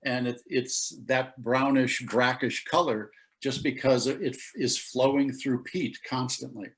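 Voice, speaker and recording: An American man with a middle-pitched voice talks as a guest expert on a video call. He explains things at a steady, measured pace, telling small stories along the way. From United States. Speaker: spirits critic, guest expert.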